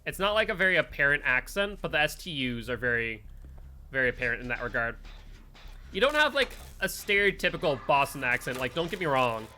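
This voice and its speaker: A man streaming a game live, chatting casually with his friends and chat, full of "like" and quick asides. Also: mid-range voice, big pitch swings, sharp tone, slight background noise. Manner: chatty, filler-heavy, talks to chat and friends.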